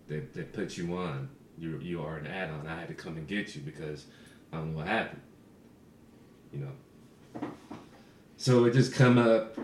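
A man's voice: low voice, a little hiss or hum. Laughing, swearing man in a roomy space. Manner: profane, laughs often through his stories. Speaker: podcast co-host. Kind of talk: casual storytelling chat. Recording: roomy echo.

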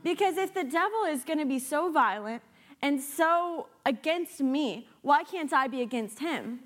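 High-voiced woman preaching a lively sermon. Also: unhurried. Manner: animated, with playful sarcastic asides. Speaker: guest preacher.

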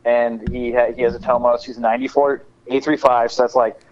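A man's voice: mid-range voice, little pitch movement, a little fast, dull audio, a crowd in the background. A man talking as a podcast guest in casual chat, laughing and swearing as he tells shop stories.

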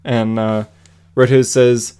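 A man's voice: medium pitch, little pitch movement, slow pace, mellow, smooth. A man co-hosting a podcast, casually recapping a comic book issue with lots of fillers and laughs. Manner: rambling, many fillers, laughs while retelling. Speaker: podcast co-host.

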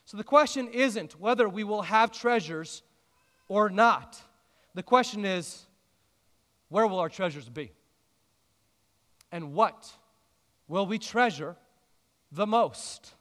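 Male pastor, high voice, earnest sermon, long echo in the church hall. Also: lively intonation, a bit bright. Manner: earnest preaching with emphatic rises and drawn-out pauses.

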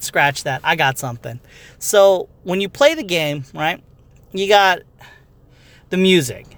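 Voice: medium pitch, a bit bright. A gamer rambling through a casual, profane review rant, restarting sentences and swearing often. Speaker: game reviewer.

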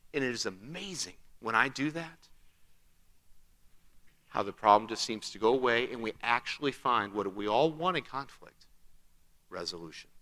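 Bright-voiced male pastor preaching in a reverberant hall. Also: mid-range voice. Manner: conversational preaching with rhetorical questions and acted-out quotes. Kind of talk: sermon.

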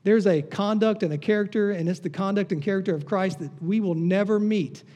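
A pastor delivers a sermon in a high, mellow voice. He is conversational and teasing with the congregation. He drops soft and hushed when he prays. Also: brisk, dull audio.

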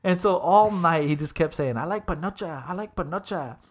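A man's voice: a little high, fairly quick. A young man telling a funny story in casual chat, swearing freely and acting out the voices of the people he quotes.

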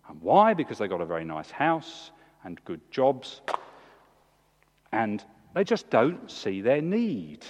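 A man, preaching a sermon in a church with emphatic, animated delivery. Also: slow. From England. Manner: animated, emphatic preaching with big swings in pitch. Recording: long hall reverb.

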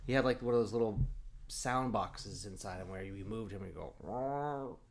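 A man from Oregon with a fairly low voice co-hosts a podcast at a moderate pace. He rambles through long stories in casual chat, packed with fillers.

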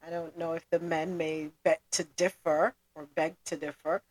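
A woman hosting a casual podcast chat, thoughtful and quick to laugh. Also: sits low, level tone, a little mellow. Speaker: podcast host.

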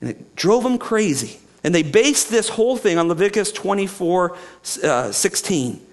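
High-voiced man preaching a sermon. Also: very animated, normal speed. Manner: reads scripture aloud then explains it, asking the listeners questions. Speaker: pastor.

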